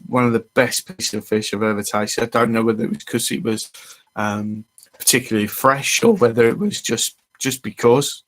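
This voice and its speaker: A man's voice: lowish voice, vocal fry. A man hosting a fishing channel, chatting casually on a live stream and greeting viewers as they arrive.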